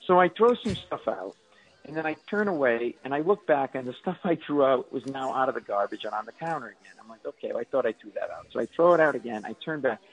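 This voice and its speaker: A male comedian guest telling animated, self-mocking comic stories on a radio show. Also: medium pitch, fast talker, slightly rough, muffled recording.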